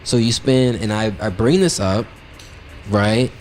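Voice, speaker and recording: A man's voice: fairly low pitch, measured pace, darkish tone, a little hiss or hum. A man telling a long personal story on his podcast in a blunt, profane, rambling way, peppering it with "like" and "right?". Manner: blunt, profane, brutally honest; loose and rambling, heavy with "like" and "right?". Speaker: podcast host. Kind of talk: casual storytelling monologue.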